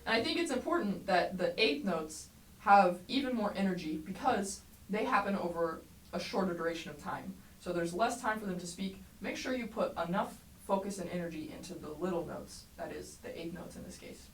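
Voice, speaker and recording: A woman teaching a trumpet lesson, explaining clearly and encouragingly, sometimes singing rhythms aloud. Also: lowish voice, lively intonation, brisk. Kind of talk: music lesson tutorial. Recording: roomy echo, mic at a distance, faint background noise.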